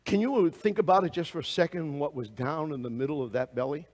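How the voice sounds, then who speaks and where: Male preacher, high voice, dynamic sermon delivery, loud peaks and quiet asides. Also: a little fast, big-room sound. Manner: dynamic preaching that swings between loud exclamations and hushed asides; asks the congregation direct questions.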